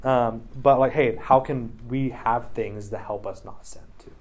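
A man's voice: mid-range voice, steady tone, a little slow. Chatty man leading a Bible study. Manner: chatty, many "like" and "right?" tags. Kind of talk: casual teaching discussion.

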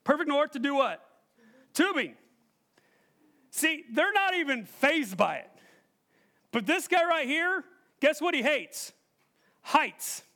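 A man preaching a sermon, telling a personal story in an animated way and quizzing the congregation. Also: very high voice, slow, pauses often. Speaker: pastor.

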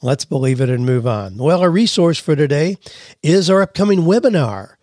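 A man's voice: on the high side, animated, normal speed, a little mellow, no room sound, clean studio sound. A man hosting a career podcast, talking conversationally with frequent "you know" and "well", playing with how emphasis changes meaning. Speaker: podcast host. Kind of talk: casual podcast talk with emphasis play.

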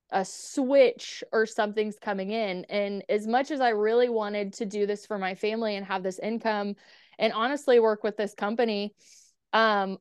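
Smooth-voiced woman telling her story frankly. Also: medium pitch, dry recording, studio quality. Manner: frank, swears freely, many "like" fillers. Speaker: podcast guest. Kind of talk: candid personal storytelling.

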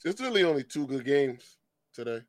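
A man's voice: mid-range voice, very animated, moderate pace, background noise. A man co-hosting a podcast, laid-back in a casual sports chat and repeating his point. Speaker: podcast co-host.

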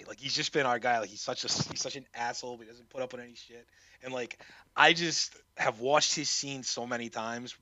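A man talks animatedly as a podcast guest, laughing often and swearing casually. His voice is bright and forceful, recorded dry with a slightly muffled, lo-fi tone. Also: medium pitch, dry recording. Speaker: guest prank caller.

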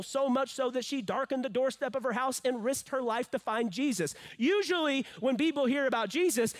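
A male pastor preaching a sermon emphatically, swinging from loud peaks to hushed phrases, with joking asides. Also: very high voice, no echo.

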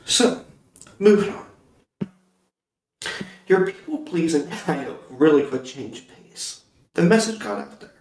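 A young man hosting his own podcast, giving an emotional, heartfelt monologue with halting pauses and restarts. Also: fairly high pitch, animated, a little mellow. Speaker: podcast host. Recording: roomy echo.

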